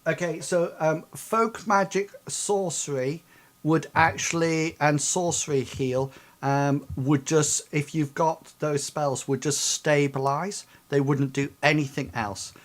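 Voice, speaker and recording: A man running a tabletop role-playing game as game master, explaining the rules hesitantly, with many pauses and restarts. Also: on the high side, fairly even intonation.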